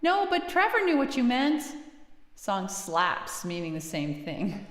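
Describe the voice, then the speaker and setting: A woman's voice: medium pitch, huge pitch swings, takes it slowly, reverberant, long reverb tail. A woman hosting a music livestream, chatting casually with viewers and giggling between songs. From United States. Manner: chatty and giggly, reads viewer names aloud. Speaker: singer-songwriter livestream host. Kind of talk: casual chat with live chat readers between songs.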